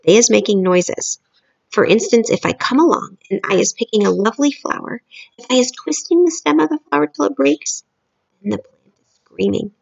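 A woman's voice: a little high, lively intonation, moderate pace, gravelly, a little mellow, muffled recording. A woman voicing a kindly big friendly male giant who speaks in mangled grammar and made-up words. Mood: earnest. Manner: earnest, wondering, jumbled made-up words.

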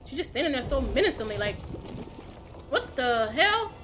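Woman gaming host, high and animated, casual slangy play-along banter with yelps and curses; game music running clearly behind her. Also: moderate pace. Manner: excitable, loud reactive yelps and cursing. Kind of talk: let's play commentary. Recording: game music playing loudly underneath.

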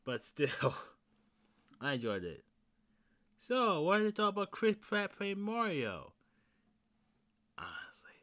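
Hosting a casual solo podcast, this lively young man has a bright voice sitting on the low side. His fan talk is excited and rambling, full of laughter, swearing, restarts and abrupt loud outbursts, then drops away to mutters and whispers.

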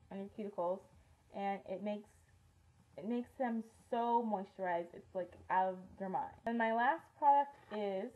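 A woman's voice: medium pitch, warm tone, lo-fi sound. A teenage girl chatting through a casual beauty favorites vlog, rambling with lots of ums and likes. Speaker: beauty vlogger.

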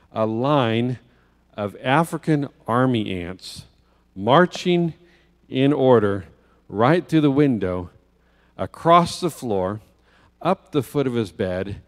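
A man preaching as a guest speaker, telling a children's story in a church sanctuary with vivid detail and rhetorical questions. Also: mid-range voice. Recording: long church hall reverb.

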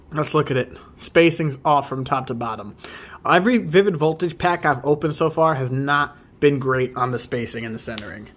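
A man hosting a video where he opens trading card packs, reading off each card and breaking into excited high exclamations at the good ones. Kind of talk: casual pack-opening commentary.

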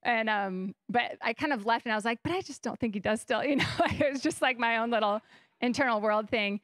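Speaking from the church stage, a young woman serving as guest pastor delivers a chatty sermon, animatedly recounting stories and voicing her own thoughts aloud. She talks a little high and fairly fast, with a slightly bright sound. There's no echo, and the audio is studio quality.

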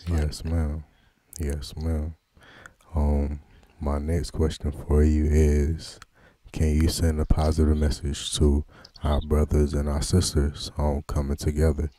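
Male interviewer, very low and flat delivery, polite, dry close recording. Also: takes it slowly, dry recording. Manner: polite, formal, answers with "yes, ma'am". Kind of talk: interview questions.

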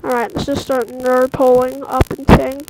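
A young woman commenting on her own gameplay in casual chat, excitable, yelping and tossing out silly mock curses. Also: high voice, normal speed. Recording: noisy home mic recording.

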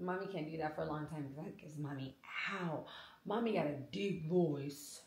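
A mother vlogging at home in casual chat, blunt and playful, swearing freely, her voice strained from yelling. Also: low-pitched, moderate pace. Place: home bedroom.

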